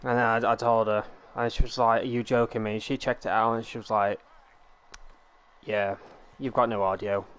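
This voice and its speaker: A man hosting a live stream, telling stories in quick, playful casual chat. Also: on the low side, level tone, a bit bright, smooth. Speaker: streamer host.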